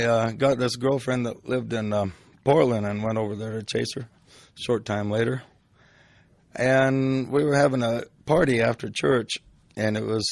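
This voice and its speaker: A man's voice: on the low side, gravelly, dry recording. An older man telling a personal story in a casual, rambling way, full of restarts.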